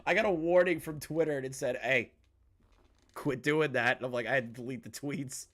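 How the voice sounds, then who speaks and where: A man's voice: mid-range voice, fairly even intonation, normal speed, fairly bright tone. Male reaction commentator, crude and mocking, heated rants. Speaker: commentary YouTuber.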